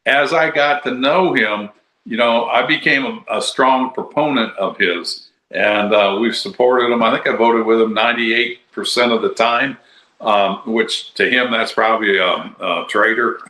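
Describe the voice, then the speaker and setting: An older man with a mid-range, sharp-toned voice speaks unhurriedly. A podcast co-host and former congressman, he talks politics in a rambling, conversational way full of fillers, and the recording has a roomy echo.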